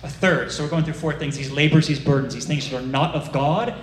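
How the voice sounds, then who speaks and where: A man giving a sermon in a conversational, animated way, often acting out the inner voices of his listeners. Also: on the high side, a little fast, reverberant, a little hiss or hum, rough recording. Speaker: director of a ministry, preacher.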